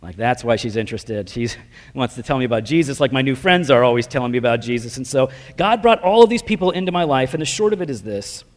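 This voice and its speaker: A man shares his testimony from the pulpit in a loose, self-deprecating way, dropping "man" and "like" as he goes. His voice is mid-pitched. It rings out with the long reverb of a big hall. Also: lively intonation, fast. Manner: casual, self-deprecating storytelling with slang fillers. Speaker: preacher giving his testimony. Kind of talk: personal testimony talk.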